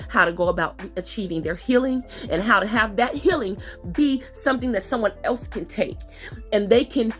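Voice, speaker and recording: A woman hosting a podcast, speaking about her own experiences in an emphatic, confrontational way that repeats its points and is sometimes close to tears. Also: medium pitch. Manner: emphatic, repetitive and confrontational, at times tearful. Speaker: podcast host. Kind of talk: personal testimony monologue.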